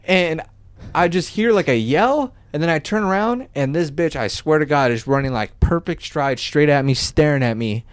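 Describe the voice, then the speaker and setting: A young man on a podcast telling a story casually, loose and animated, full of filler words and swearing. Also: on the high side, normal speed, smooth, no echo. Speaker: podcast co-host.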